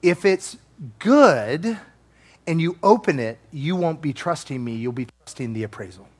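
A calm, gentle Jesus speaks low and soft, with steady reassurance, as a preacher puts him on in his sermon. The voice is hushed and warm, never hurried. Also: husky, heavily acted.

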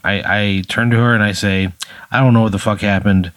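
Low-voiced man, indignantly protesting. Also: steady tone, a little fast, a bit bright, no room sound. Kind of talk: improvised comedic back-and-forth.

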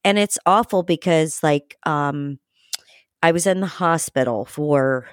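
Woman podcast host, low voice, frank and chatty, dry close sound. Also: a little slow, clear, resonant tone, no echo. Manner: frank and chatty, swears casually. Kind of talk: casual podcast chat.

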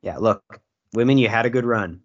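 A podcast co-host with a lowish voice talks a little fast in casual comedic chat, sarcastic and dry-humored with frequent ums. The audio is dull and lo-fi.

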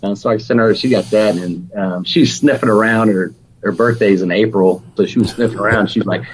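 A man's voice: fairly low pitch, a little fast, a little hiss or hum, poor audio. A man with an Alabama accent, a barbecue pitmaster guest, chatting casually and easily, peppering his talk with "man" and "dude". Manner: animated and laid-back, sprinkled with "man" and "dude". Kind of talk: casual podcast interview.

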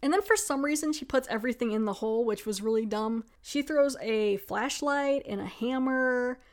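A woman's voice: on the high side, normal speed. A young adult woman casually recapping a horror film she has watched. She talks in a chatty way with lots of "like" fillers and wry asides. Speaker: movie reviewer.

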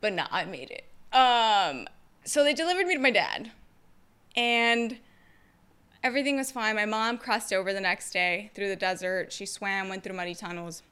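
Young woman, bright clear voice, slightly high, energetic storytelling, expressive, playful asides. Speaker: vlogger sharing her story. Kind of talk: casual personal storytelling to camera.

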